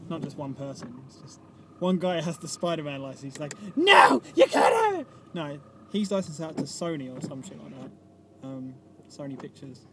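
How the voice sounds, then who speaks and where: A man's voice: on the high side, moderate pace, very noisy. A man in a casual film-chat vlog, rambling, swearing and losing his train of thought while talking from a car. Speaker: vlogger.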